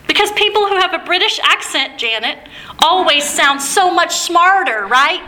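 A woman preaching in a conversational sermon, asking her listeners questions as she goes. Her voice is high and bright. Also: a little hiss or hum, low-quality recording. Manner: conversational, asks the congregation questions.

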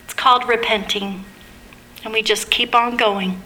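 A woman preaching in a conversational sermon, asking her listeners questions as she goes. Her voice is high and bright. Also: fairly even intonation, measured pace, slight background noise, rough recording. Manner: conversational, asks the congregation questions.

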